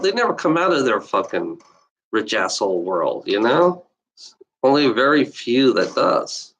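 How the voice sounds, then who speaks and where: A man's voice: medium pitch, very animated, a little slow, fairly bright tone, slight background noise, rough recording. A man ranting off the cuff on a livestream, repeating himself, swearing often and tagging lines with "you know". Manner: profane, repetitive, heated, constant "you know". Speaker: livestreaming video blogger. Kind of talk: unscripted rant to camera.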